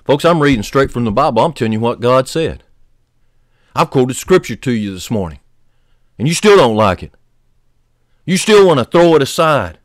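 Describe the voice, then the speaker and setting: A man preaching a sermon as pastor, fervently, rising loud on key points and dropping low and soft. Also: sing-song, normal speed, pauses often, no echo, studio quality. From United States.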